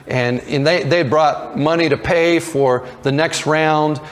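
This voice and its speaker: A man preaching a sermon, retelling a story in a conversational way and slipping into lively voices for the characters. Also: a little high, slow pace. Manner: conversational with frequent restarts and fillers. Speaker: pastor.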